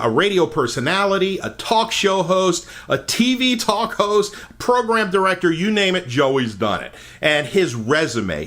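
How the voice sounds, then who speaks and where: A man hosts a channel about old radio and reads his introduction from a script. He sounds enthusiastic, with a lively, swooping delivery on a somewhat high voice. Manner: enthusiastic, reads long lists of call letters. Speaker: radio history channel host.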